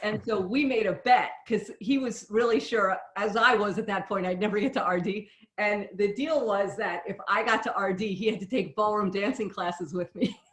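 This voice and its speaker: A woman's voice: mid-range voice, moderate pace, few pauses, reverberant. A woman interviewer in a conversational interview, a chatty, candid storyteller.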